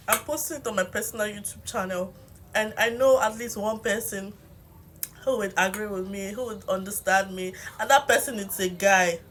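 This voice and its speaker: Woman, 20s, casual vlog vent, rambling and childlike at times, mid pitch, phone mic, faint room ambience. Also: a bit bright, slight background noise. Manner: rambling, confessional, sometimes childlike. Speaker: vlogger. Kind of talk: casual venting monologue to camera while eating.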